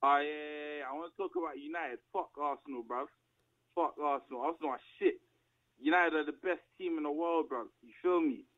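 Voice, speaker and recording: Young lad prank-calling, cocky slang, tinny phone audio, somewhat high voice. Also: male voice, fairly quick. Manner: taunting, swaggering street slang. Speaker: prank caller.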